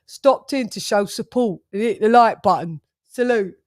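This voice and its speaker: A young British woman chats easily on her own boxing livestream, reading out viewers' comments and laughing along with them. Her voice sits at a middle pitch for a woman, relaxed and conversational. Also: moderate pace. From United Kingdom. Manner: chatty, laughing, shouting out viewers.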